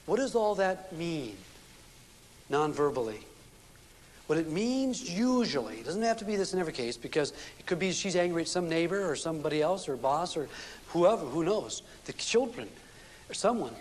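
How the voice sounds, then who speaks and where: A man's voice: a little high, a little mellow. A man giving a seminar talk on relationships to a live audience, telling stories and acting out the dialogue in them. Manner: storytelling, acts out quoted dialogue. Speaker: relationship speaker. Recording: long reverb from a hall, faint noise.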